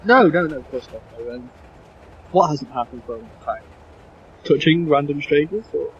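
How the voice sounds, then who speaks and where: A man's voice: a little high, animated, moderate pace, slight background noise. A man playing a character in a tabletop role-playing game, speaking politely and a little hesitantly. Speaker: player. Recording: dull lo-fi sound.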